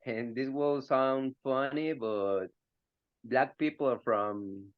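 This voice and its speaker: Slow male student, second-language english, lots of uhs, dry muffled call audio. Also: mid-range voice, no echo. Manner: hesitant, many fillers. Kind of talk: class discussion.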